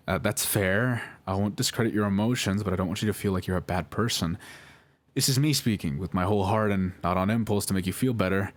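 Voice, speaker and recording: A young man nervously talking through old chat messages, rambling with many fillers and restarts and apologizing over and over. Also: low-pitched. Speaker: video creator reading out chats.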